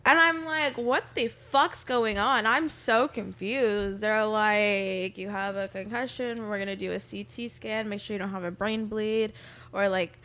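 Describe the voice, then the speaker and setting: Young woman, podcast guest, casual chat, rambling storyteller, crisp bright tone. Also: medium pitch, a little slow. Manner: rambling storyteller, acts out her own lines. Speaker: bartender guest.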